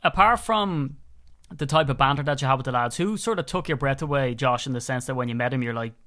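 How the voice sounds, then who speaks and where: A man with an Irish accent hosting a casual chat, telling stories in a quick, jokey way. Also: medium pitch, sharp tone. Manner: jokey storyteller, quick and chatty. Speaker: podcast host.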